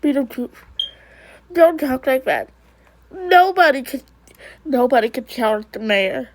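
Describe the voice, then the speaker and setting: A woman's voice: high-pitched, a little slow, rough recording. A woman doing an anxious pleading mother. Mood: lecturing. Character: worried pleading mother of a ghost child. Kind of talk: amateur one-person ghost drama.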